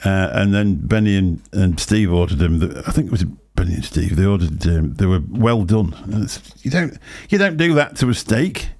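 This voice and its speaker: This is an older man with a fairly low voice. He hosts a relaxed livestream chat and rambles through anecdotes. He laughs often between lines. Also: moderate pace, few pauses. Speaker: show host.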